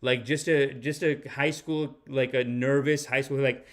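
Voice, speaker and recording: A man's voice: mid-range voice, unhurried. A man hosting a podcast, giving casual comedic commentary and mocking the news he reacts to. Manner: animated, mocking, breaks into impressions. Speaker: podcast host.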